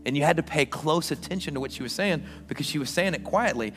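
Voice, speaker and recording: Pastor preaching in a reverberant hall. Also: male voice, fairly high pitch, faint music behind. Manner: animated storytelling that drops to a hushed, slow delivery. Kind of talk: sermon.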